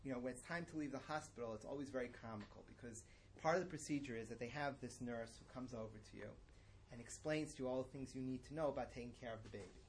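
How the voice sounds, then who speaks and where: A middle-aged male teacher giving a lecture in an easy, conversational manner. He digresses freely and stresses his key points with emphasis, at a mid-range pitch. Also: fast, slight background noise. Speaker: religious teacher. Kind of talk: lecture-style lesson.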